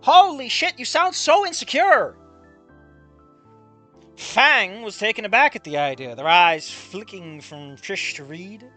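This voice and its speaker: Casting note: profane, exasperated fan fiction critic with a bright, lively voice. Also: mid-range voice, measured pace, soft background music. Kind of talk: reading fan fiction aloud with comedic commentary.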